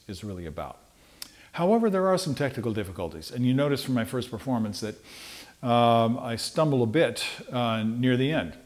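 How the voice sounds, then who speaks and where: A man with a mid-range voice gives a trumpet lesson in an unhurried, conversational tone. He explains musical ideas informally, often pausing with fillers and restarting his sentences. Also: medium pitch, a little mellow. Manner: sings rhythms on syllables to demonstrate. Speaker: trumpet teacher. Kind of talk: relaxed instructional talk.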